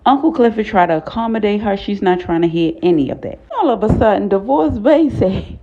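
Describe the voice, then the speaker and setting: A woman giving a casual, blunt, profane recap of a TV episode, talking in an animated way. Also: mid-range voice, a little fast, hardly any pauses, dull audio. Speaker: TV recap vlogger.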